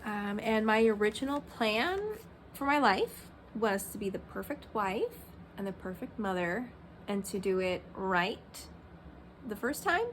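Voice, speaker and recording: A woman's voice: medium pitch, expressive, unhurried, fairly bright tone, slight background noise. A woman in her thirties talking candidly in a personal vlog, rambling with many fillers like "um" and "like". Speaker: Christian vlogger.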